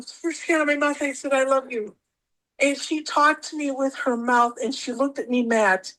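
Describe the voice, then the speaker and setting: Excitable woman telling a rambling story. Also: high-pitched, normal speed, rough recording. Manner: rambling, repeats herself, animated. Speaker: podcast guest. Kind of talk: emotional personal storytelling.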